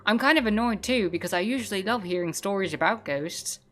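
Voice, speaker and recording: A woman's voice: mid-range voice, lively intonation, a little fast, fairly bright tone, close to an everyday voice. A woman voicing Martin, a jumpy cranky king. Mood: nervous. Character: cranky sleepless self-declared island king, male.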